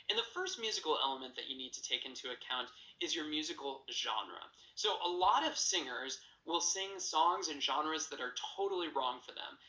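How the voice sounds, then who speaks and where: A male vocal coach with a very bright, clean and ringing voice gives a singing lesson. He explains each technique plainly and moves between talking and short sung examples. The sound is roomy, with a clear echo. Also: on the high side. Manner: explanatory, breaks into sung demonstrations.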